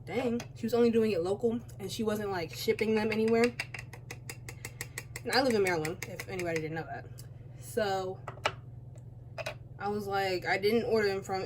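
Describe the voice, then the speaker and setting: A woman's voice: mid-range voice, fairly quick, pauses often, background noise. A teenage girl chatting casually while doing her makeup, rambling and interrupting herself with asides. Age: teens. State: out of breath. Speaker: beauty vlogger. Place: home, by a window.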